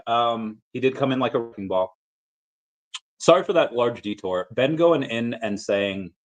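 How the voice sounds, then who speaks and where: A man hosting a casual stream, telling stories in a rambling way with frequent restarts and fillers. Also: on the low side. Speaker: crypto collectibles vlogger. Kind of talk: casual livestream chat.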